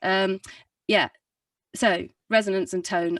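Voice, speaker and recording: A woman's voice: mid-range voice, fairly even intonation, a little fast, dry recording, distant mic. A young adult woman, a singer and vocal coach, explaining in a rambling, chatty way with lots of fillers and self-corrections. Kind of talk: casual explanatory talk in a video interview.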